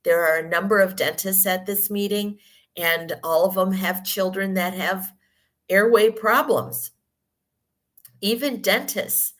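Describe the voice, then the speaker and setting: A woman with a croaky morning voice after a cold, explaining health topics in a rambling podcast monologue full of ums and self-corrections. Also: medium pitch, a little slow, fairly bright tone. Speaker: podcast host. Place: hotel room.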